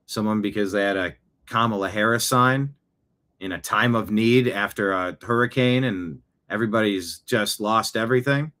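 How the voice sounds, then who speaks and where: Sharp in tone and fairly low in pitch, this talk show host offers opinionated political commentary. He's emphatic, repeating lines for effect and performing quoted voices.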